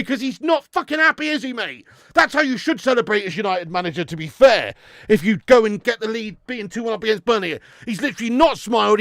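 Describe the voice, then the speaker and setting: A man hosting a live football watch-along, shouting at the players, swearing freely and chatting with viewers. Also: very high-pitched, no room sound, studio quality. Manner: excitable, sweary, shouts at the screen; reads out and answers viewer chat. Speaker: watch-along streamer host.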